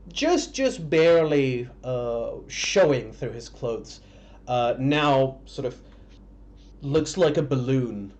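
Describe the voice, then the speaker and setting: Slow, halting male game master. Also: mid-range voice, darkish tone, a little hiss or hum. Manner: halting, descriptive narration. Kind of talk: narrating a tabletop game. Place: home streaming setup.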